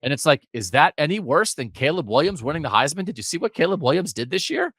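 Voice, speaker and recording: A fairly high-voiced man talks through his case with plenty of rise and fall, pressing hard on each point. He jumps between asides and restarts in casual sports talk. The sound is dry and close. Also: very animated, fairly bright tone, no echo. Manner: emphatic, argumentative, rapid asides. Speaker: podcast co-host.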